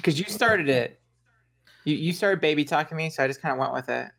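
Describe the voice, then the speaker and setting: A man's voice: on the high side, lively intonation, a little fast, gravelly, fairly bright tone. A man in a casual group chat, rambling with lots of fillers.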